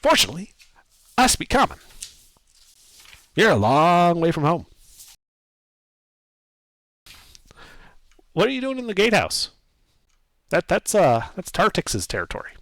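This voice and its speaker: A man voicing an older male gnome rum seller with a soft, squeaky voice and chirpy salesman patter. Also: huge pitch swings, moderate pace, pauses often, dry recording, full character voice. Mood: friendly.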